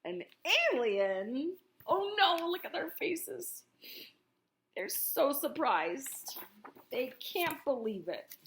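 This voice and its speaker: A woman reading a picture book aloud to young children, high-voiced and wildly expressive. She reads slowly and keeps stopping for animated, chatty asides to her listeners. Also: a little hiss or hum.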